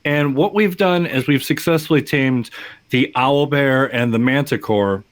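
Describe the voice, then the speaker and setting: A man's voice: mid-range voice, a little slow. A man running a tabletop game as game master, narrating in a rambling, apologetic way. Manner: rambling, apologetic, stumbling restarts.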